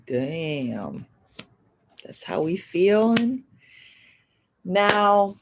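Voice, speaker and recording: A woman leads a live horoscope reading for a chat room, cursing freely and repeating phrases like a chant. Her voice sits at an average pitch and swings between loud, forceful urging and quiet, almost murmured asides. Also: lively intonation, drawn-out words, pauses often. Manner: blunt and profane, swinging between loud exhortation and soft murmurs; repetitive, chant-like phrasing with Spanish and slang. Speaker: astrology and spiritual reader.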